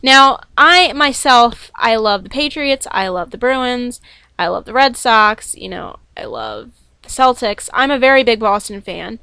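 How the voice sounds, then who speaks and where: A woman's voice: fairly high pitch, sing-song, unhurried, creaky, sharp tone, clean tone, no echo. A young woman rambling casually about a show she watched, gushing and full of ums and restarts. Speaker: wrestling fan reviewing a show. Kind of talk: casual opinion vlog.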